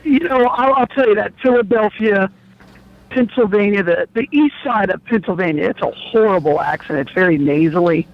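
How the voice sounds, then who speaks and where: Phoning in to a radio show from his car on the road, a blood bank representative talks in a high-pitched, gravelly voice at normal speed, with the highs cut off. He's opinionated and rambling, restarting often.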